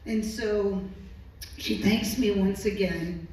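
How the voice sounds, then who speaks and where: A woman who works as a medical interpreter tells a personal story on stage, slow, earnest and emotional. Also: medium pitch, steady tone, a little mellow. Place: stage at a live storytelling evening. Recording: echoey hall, distant mic.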